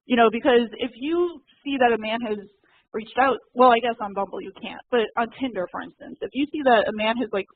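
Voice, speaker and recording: A woman's voice: fairly high pitch, brisk. A woman chatting casually and candidly on a call, with lots of fillers. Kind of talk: casual chat. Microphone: call audio, muted and unmuted. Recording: thin phone-like dry call audio.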